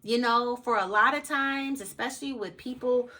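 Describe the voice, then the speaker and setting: A woman's voice: a little high, moderate pace, bright, forceful tone. A woman hosting an advice channel, giving a casual motivational talk in a blunt, emphatic way, swearing freely and repeating her points for emphasis.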